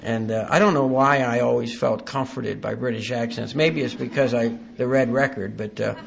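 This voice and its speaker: A man giving a halting, earnest personal testimony at a recovery meeting, with dry self-deprecating humor. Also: mid-range voice, steady tone, creaky, crowd noise.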